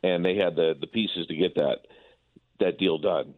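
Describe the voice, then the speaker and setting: Male baseball broadcaster phoning in, deep voice, tinny phone audio, loose chatty delivery full of restarts. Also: normal speed, no echo. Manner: repetitive, stumbling restarts. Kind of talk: casual sports talk by phone.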